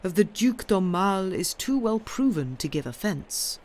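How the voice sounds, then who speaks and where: A woman's voice: medium pitch, sing-song, normal speed, a little mellow, voice pushed up, close to an everyday voice. Woman doing a tired old king, eager and impatient, storybook reading.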